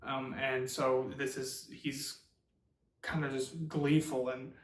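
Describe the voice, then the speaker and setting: A man hosts a book channel and gives a chatty, rambling summary of a novel, full of fillers and quick restarts. His voice has a middling pitch. The sound is echoey, as if he sits some way from the mic in a bare room. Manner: rambling, filler-heavy, animated retelling. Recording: roomy echo, far from mic.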